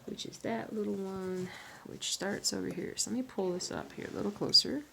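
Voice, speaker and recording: A woman chatting casually to viewers while she stitches. She sounds tired, talks to herself, and drops into soft muttered asides. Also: medium pitch, steady tone, brisk, creaky, heavy background noise. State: tired and yawning. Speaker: crafting vlogger.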